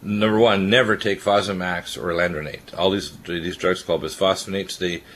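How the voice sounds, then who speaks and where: A man on a radio health talk show, giving rapid, rambling and opinionated advice. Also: sits low, steady tone, a bit bright, a little hiss or hum.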